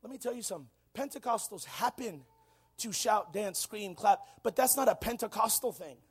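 A man preaching a Pentecostal sermon, shouting and folksy, dropping to quiet asides between loud calls. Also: high-pitched, lively intonation, moderate pace, husky. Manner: shouting, preaching with rising intensity. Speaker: pastor.

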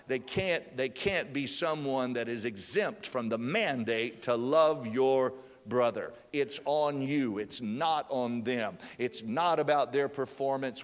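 Preaching man in an echoing church. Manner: preaching, rising in pitch and force for emphasis. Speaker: pastor. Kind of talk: sermon. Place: church sanctuary. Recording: long reverb of a church hall.

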